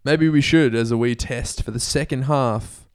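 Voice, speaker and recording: A man's voice: medium pitch, moderate pace, clean tone. Joking blunt man in casual podcast chat. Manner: joking, blunt, swears freely. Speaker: podcast co-host. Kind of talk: casual film review chat.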